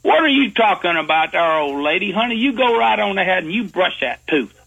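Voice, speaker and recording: A man's voice: sits high, animated, a little fast, creaky, a bit bright, husky, dull audio, voice pushed up, exaggerated voice. A man voicing a dismissive country husband in a made-up radio drama, in a folksy way.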